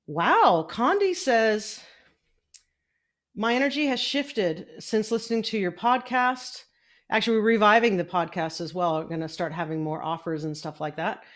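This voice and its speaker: A middle-aged woman coaching online business on a casual live stream, chatty and upbeat while fiddling with her setup at home. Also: mid-range voice. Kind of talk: casual Facebook Live training. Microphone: desk mic, moved around during the stream.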